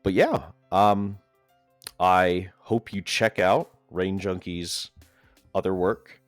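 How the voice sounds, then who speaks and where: A man, the game master, speaking an aside to listeners in a relaxed, explanatory way. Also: low voice, slow pace, no echo, faint music behind. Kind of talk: aside to the audience.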